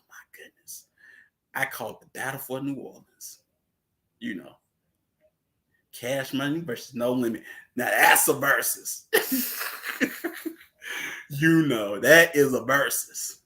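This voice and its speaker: A man's voice: fairly high pitch, fairly bright tone. A man chatting casually as host, laughing often and telling loose, slangy stories. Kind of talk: casual chat.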